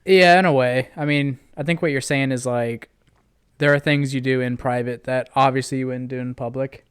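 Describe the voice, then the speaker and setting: A man's voice: medium pitch, steady tone, moderate pace, clean tone, no echo, studio quality. A young man co-hosting a podcast in casual chat, easygoing and agreeable. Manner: easygoing, agreeable, laughs along. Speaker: podcast co-host.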